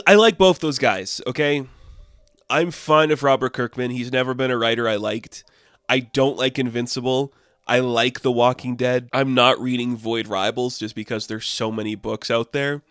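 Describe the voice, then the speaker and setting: A man's voice: medium pitch, a bit bright, smooth, no echo, studio quality. A man giving a casual, opinionated comic book review, rambling with lots of fillers.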